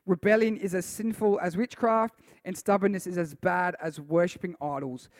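A man preaching a lively sermon to a youth group, acting out voices and reading scripture aloud. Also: sits high, normal speed, no echo, studio quality. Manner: animated, acts out voices and reads scripture aloud.

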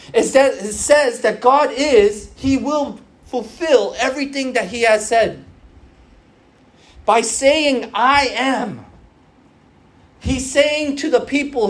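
A man in his thirties preaching a sermon in a conversational way, asking rhetorical questions and explaining scripture. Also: very high-pitched. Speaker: pastor.

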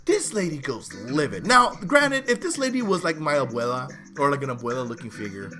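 A man's voice: mid-range voice, sing-song, brisk, music in the background. A man hosting a show, telling a story in a loose, rambling way with restarts and side remarks. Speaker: show host. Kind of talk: casual storytelling monologue.

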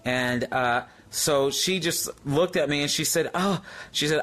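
A man, excitedly sharing a spiritual testimony in a casual, halting way full of fillers and restarts. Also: on the high side.

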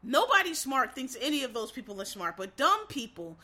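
A woman's voice: high voice, big pitch swings, fairly quick, bright, forceful tone. A woman giving a blunt, profane, emphatic rant of casual political commentary, talking straight to her listeners.

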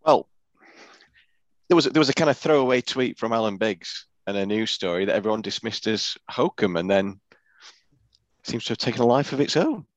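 Low-voiced man, wry and dry. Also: lively intonation, brisk, long pauses, dry recording. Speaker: podcast co-host. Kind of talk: casual chat. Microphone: video call.

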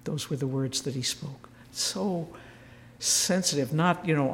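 A woman's voice: low-pitched, measured pace, a little hiss or hum. Woman telling stories at a retreat, reverberant hall. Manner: storytelling, acting out quoted voices, dropping to a whisper. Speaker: retreat speaker. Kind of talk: spiritual retreat talk.

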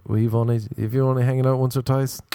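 An Irish man in his thirties, a stand-up comedian, hosts a podcast and gives rambling, jokey advice in a casual comic chat, riffing in silly voices. His mid-range voice is mellow and smooth with a flat delivery, fast, with no echo.

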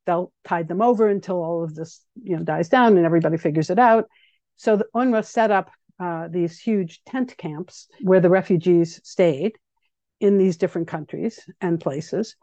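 An earnest woman tells her story in a radio interview, her voice mellow and slightly low. She speaks in a measured way, often pausing to think things through. The sound is dry and a little dull. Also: dry recording. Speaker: guest speaking about her activism. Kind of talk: reflective personal account on public radio.

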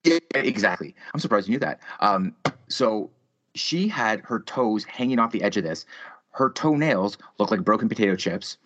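A man's voice: on the low side, lively intonation, normal speed, fairly bright tone. A man in his thirties hosting a podcast, telling a story in casual chat with heavy swearing and exaggerated ranting. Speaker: podcast host. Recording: slightly muffled lo-fi audio.

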